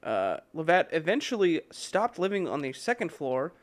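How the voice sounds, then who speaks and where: A man's voice: on the high side, moderate pace. A man co-hosting a podcast, telling a story in casual chat with lots of fillers and chuckles. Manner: relaxed, many fillers and chuckles. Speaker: podcast co-host.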